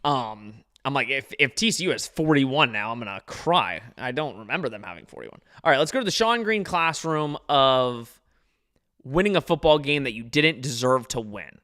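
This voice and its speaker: A man's voice: medium pitch, normal speed. A young man hosting a live watch-along podcast, reacting anxiously to a football game and answering chat viewers. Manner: anxious, excitable, talks to chat readers. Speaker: podcast host.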